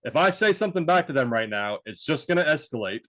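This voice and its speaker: A man's voice: on the high side, lively intonation, fast, bright, forceful tone, no room sound. A man co-hosting a podcast, telling a story in a rambling, casual way with restarts and swearing. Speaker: podcast co-host. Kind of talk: casual chat.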